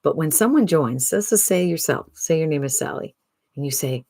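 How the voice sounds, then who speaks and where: A speaker in their sixties giving an upbeat, chatty sales pitch to camera, often tossing in a rhetorical "right?". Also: expressive, fairly quick, a little mellow, no echo. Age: 60s. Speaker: online business promoter.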